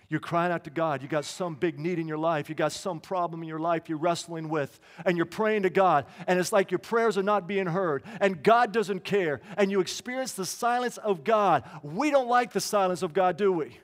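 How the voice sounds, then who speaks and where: A high-pitched man preaching a sermon, talking to the congregation conversationally with asides and restarts. His voice carries a long reverb through a church hall. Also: moderate pace. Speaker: pastor.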